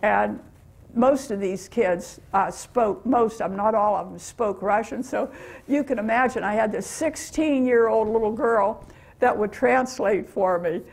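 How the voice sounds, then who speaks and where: A woman's voice: medium pitch, unhurried, creaky, a little mellow. An older American woman telling stories of her mission trip to a church meeting, chatty and laughing often. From USA. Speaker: guest speaker.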